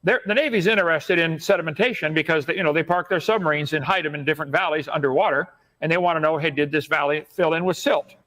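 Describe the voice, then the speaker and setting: A man making his case in a debate, steady and assertive as he lectures. His voice sits high for a man. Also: fast. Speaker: debate guest. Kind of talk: debate argument.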